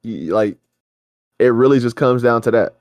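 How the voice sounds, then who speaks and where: A man's voice: mid-range voice, moderate pace, darkish tone, no room sound. A man co-hosting a reaction show, ranting in heated, profane casual chat.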